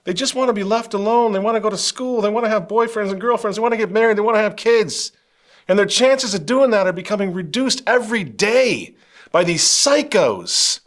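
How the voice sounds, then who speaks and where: Middle-aged male host, impassioned commentary, very animated pitch, shifts from hushed to loud outrage. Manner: fervent, swings from quiet intensity to loud outrage. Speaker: show host.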